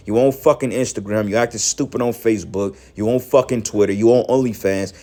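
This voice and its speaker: A man giving fiery, profane preaching commentary, scolding his listeners and quoting scripture. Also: medium pitch. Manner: profane, scolding, rising to shouts. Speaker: online street preacher.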